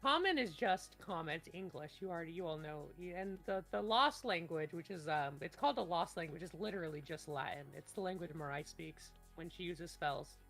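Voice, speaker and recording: A woman's voice: lowish voice, expressive, fairly quick, hardly any pauses, soft background music. Rambling woman game master. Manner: rambling, restarts often, bursts into loud laughter. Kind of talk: casual chat on a voice call.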